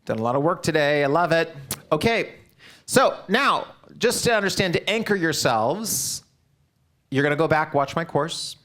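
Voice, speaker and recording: A man presenting a live business seminar, coaching the audience directly and often asking quick check-in questions. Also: on the high side, expressive, a bit bright. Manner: direct, coaching, upbeat delivery. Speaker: real estate seminar presenter.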